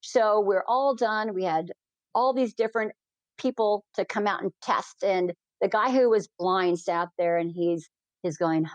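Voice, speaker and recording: Lady pilot telling a story on a podcast, lively, does the voices, dry close mic. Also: mid-range voice, a little slow, no echo, highs cut off. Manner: animated, acts out the people in her stories. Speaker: balloon pilot and business founder, guest. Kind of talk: storytelling in a conversation.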